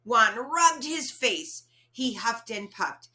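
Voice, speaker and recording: A woman reads a picture book aloud to children, slowly and very expressively. Her voice is bright and a little high, and she stops to ask her listeners questions. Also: sing-song. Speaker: storyteller reading to children.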